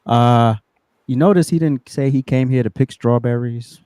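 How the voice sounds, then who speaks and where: A man's voice: medium pitch, moderate pace, warm tone, dry recording. A man co-hosting a podcast, talking bluntly and chiming in with short affirmations. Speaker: podcast co-host. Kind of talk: casual opinionated chat.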